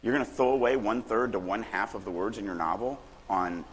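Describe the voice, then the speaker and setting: A middle-aged man from Louisiana giving a lively, joking lecture on writing at a conference, acting out little examples as he goes. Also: lowish voice, fast talker, slight background noise. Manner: animated, joking, acts out examples. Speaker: writing workshop speaker. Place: large conference hall. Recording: long hall reverb.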